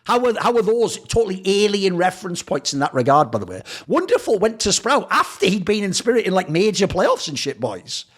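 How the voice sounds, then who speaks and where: A man's voice: high voice, big pitch swings, fairly quick, hardly any pauses. A man hosting a show, ranting in a sarcastic, profane, mocking commentary. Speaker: esports commentator and show host.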